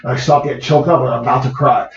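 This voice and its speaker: A man, an actor, recalls a personal story in conversation, halting and repeating words as the feeling comes through. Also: mid-range voice, fairly even intonation. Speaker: actor, guest. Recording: roomy, dull lo-fi sound.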